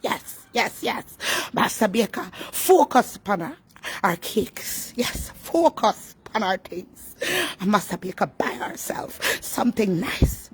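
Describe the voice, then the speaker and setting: A woman with a Jamaican accent, a home baker giving an animated casual holiday message to her customers. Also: mid-range voice, takes it slowly, breathy edge. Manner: animated, calls herself by her business name in the third person. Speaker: home baker selling cakes.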